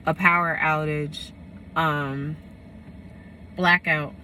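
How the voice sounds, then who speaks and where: A woman doing a casual tarot reading at home, with a bright, forceful voice that sits on the lower side. She wanders through her thoughts, full of fillers and restarts, over a faint hiss from the room. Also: steady tone, very slow. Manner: rambling, full of fillers and self-corrections. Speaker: tarot reader.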